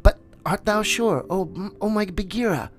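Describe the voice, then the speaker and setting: A man voicing an earnest, quick-tempered boy raised by wolves in a storybook reading. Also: on the high side, big pitch swings, pitched above the performer's own voice. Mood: eager. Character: young boy raised by wolves, eager and bold.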